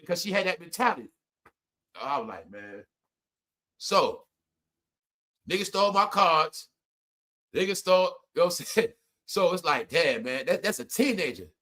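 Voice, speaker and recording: Animated high-voiced man telling stories. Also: normal speed, pauses often. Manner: animated, swings between loud outbursts and low mutters; laughs often while telling stories. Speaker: live stream host. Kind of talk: casual storytelling to viewers.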